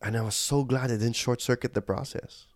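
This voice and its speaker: A man's voice: medium pitch, fairly even intonation, a little fast, dry recording. A man giving an earnest, sermon-like leadership talk as a podcast host, telling stories with animation. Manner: switches into Tagalog phrases.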